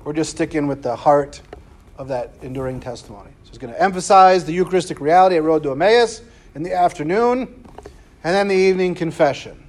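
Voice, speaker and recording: Chatty preacher, higher-pitched man. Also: fairly quick. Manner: conversational, peppered with "right?" and slangy asides. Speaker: preacher teaching a scripture class. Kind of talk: casual Bible class lecture.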